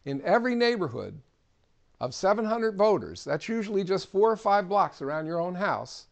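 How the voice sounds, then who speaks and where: A man's voice: high-pitched, big pitch swings, moderate pace, vocal fry. A man giving an instructional talk as a civic trainer, speaking in a plainspoken, practical and encouraging way.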